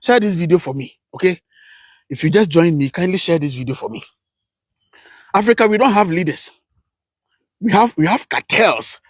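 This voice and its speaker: A man hosting a live political commentary stream, ranting passionately with rhetorical questions, swinging between shouts and low mutters. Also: lively intonation, moderate pace, pauses often, breathy edge, no echo.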